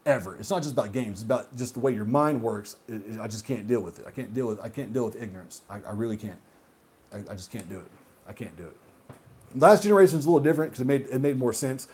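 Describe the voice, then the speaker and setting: A man hosting a gaming video who rants heatedly and profanely, swinging between loud outbursts and muttered asides. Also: medium pitch, rapid-fire, hardly any pauses, slightly rough. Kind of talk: solo rant monologue.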